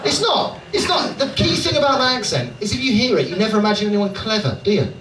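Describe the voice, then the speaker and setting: Male comic from Dorset, chatty and sweary, high pitch, recorded from a distance. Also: animated, fast, crowd noise. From Dorset, England. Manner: chatty, profane, frequent "right?" tags. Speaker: stand-up comedian. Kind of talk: live stand-up with crowd work. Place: comedy club in London. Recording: roomy live club, loud audience noise.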